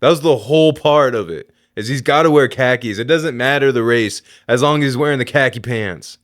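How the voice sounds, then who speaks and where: A man's voice: medium pitch, fairly quick. A man co-hosting a comedy podcast, telling jokes and stories in a laid-back way. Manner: laid-back, joking storyteller. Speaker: podcast co-host. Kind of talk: casual comedic podcast chat.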